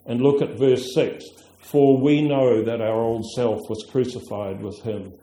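A man delivers a sermon in a mellow, warm voice, earnest and emphatic as he leans on key words. He speaks slowly and often restarts his phrases. The sound carries the echo of a roomy church hall. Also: medium pitch, fairly even intonation. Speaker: preacher. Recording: echoey room.

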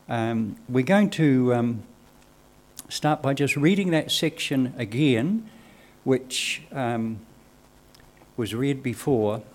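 A man's voice: mid-range voice, darkish tone. Earnest man preaching a sermon. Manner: measured and earnest, reads Scripture aloud. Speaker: lay preacher. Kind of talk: sermon with Bible reading.

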